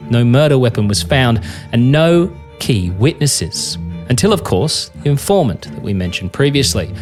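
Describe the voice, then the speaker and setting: A man hosting a documentary podcast, reading scripted narration in a measured, dramatic way. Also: medium pitch.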